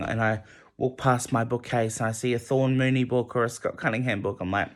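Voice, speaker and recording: A young man vlogging a late-night rambling monologue, emotional and halting, often restarting his sentences. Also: medium pitch, little pitch movement. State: emotional, close to tears.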